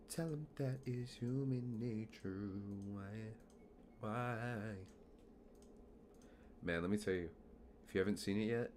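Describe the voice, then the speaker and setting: A man with a very low voice talks his way through a gaming stream at an unhurried pace. He rambles casually and pokes fun at himself as he goes. A faint hum of noise sits under his voice. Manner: rambling, chatty, self-mocking. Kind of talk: casual gameplay commentary.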